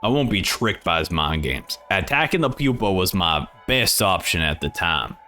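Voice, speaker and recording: A gruff, calculating older male fighter speaks low and grim, put on by a man. He talks in a measured way, weighing every move. Faint music hums behind him. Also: sing-song, bright, forceful tone, heavily acted.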